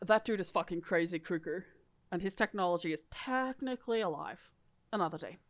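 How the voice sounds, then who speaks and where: A woman's voice: lowish voice, a little fast. A woman co-hosting a podcast, reading lore aloud in a casual, irreverent way and swearing freely. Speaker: podcast co-host.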